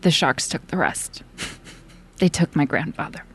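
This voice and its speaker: A woman reads as a young survivor of a shark attack, telling her story in a put-on New York accent. The voice sits fairly low for a woman. The monologue is read for comic effect, with laughter just under the surface. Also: measured pace, slight background noise. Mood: earnest. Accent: attempted New York. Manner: playful, on the edge of laughing. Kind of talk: comic reading of a film monologue.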